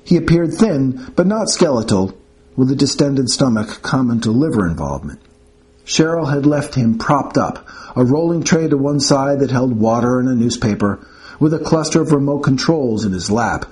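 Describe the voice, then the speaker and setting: A man narrating an audiobook in the first person, with a measured, wry storytelling manner. His pitch is mid-range for a man but moves expressively, lifting and falling through each sentence. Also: expressive, darkish tone.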